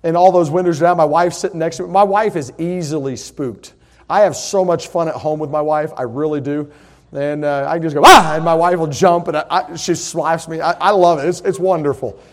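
A middle-aged man, preaching a sermon with folksy stories that build to loud, emphatic points. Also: fairly high pitch, brisk. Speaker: pastor. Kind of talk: sermon with personal story.

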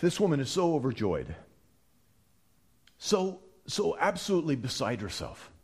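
A man preaching a sermon, animated and emphatic, often restarting his phrases as he explains. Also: a little high, normal speed, husky.

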